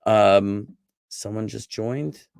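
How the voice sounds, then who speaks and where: Chatty rabbi teaching online. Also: male voice, lowish voice, extremely slow, creaky, clean tone, dry recording, clean studio sound. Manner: lively, chatty, joking with students. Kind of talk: online class lecture.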